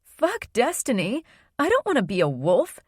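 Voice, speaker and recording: A woman's voice: a little high, expressive, normal speed, no echo, clean studio sound, voice pushed up, close to an everyday voice. A woman voicing a young heroine who speaks in a raised, urgent, demanding way. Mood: upset.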